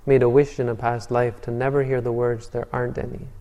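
In a Buddhist dharma talk, a man teaches meditation with calm storytelling in a dark, mellow voice of medium pitch, speaking briskly. He restarts and repeats words often, the sound trails into a long hall reverb, and the highs are cut off.

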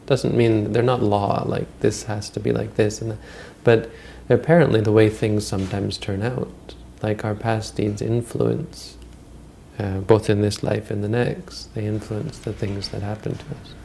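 A man with a low, gravelly voice gives a Buddhist dharma talk, wandering through old teaching stories. He speaks conversationally, often stopping and restarting mid-phrase. His tone stays mellow and dark, with faint background noise. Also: flat delivery, measured pace. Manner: rambling, conversational, frequent restarts.

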